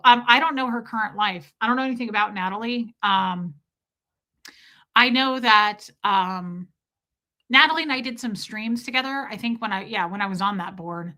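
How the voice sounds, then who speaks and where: This livestream host is a woman whose pitch runs fairly high, with a bright, forced quality. She's relaxed overall but tells her story emphatically, imitating the different characters' voices.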